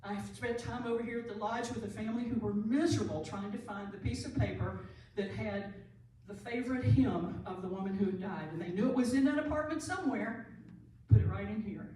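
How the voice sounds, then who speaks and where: A woman's voice: medium pitch, a little fast, warm tone. A woman, an end of life doula and pastor, giving an earnest talk to an audience and repeating her key phrases for emphasis. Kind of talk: conference talk to a live audience. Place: large room, speaking to an audience. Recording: very echoey room audio from far off, light hiss.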